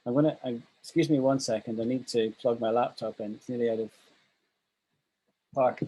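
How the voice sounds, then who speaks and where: Husky guy teaching english on a video call, upbeat, thinks out loud. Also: mid-range voice, steady tone, a little fast, low-quality recording. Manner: upbeat, thinks aloud while explaining. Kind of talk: online class teaching.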